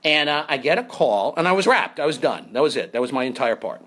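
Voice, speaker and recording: A lively man hosting a comedy show, spinning an anecdote with a bright, sharp voice. His pitch sits a little high and swings widely as he jumps into voices. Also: a little fast, hardly any pauses, breathy edge. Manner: animated, leaps into high voices for effect. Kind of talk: comic storytelling.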